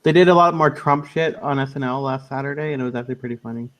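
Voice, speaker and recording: A man's voice: mid-range voice, rapid-fire, fairly bright tone. A man hosting a casual online radio chat, loose and laughing, often trailing off into mumbles. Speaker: podcast host.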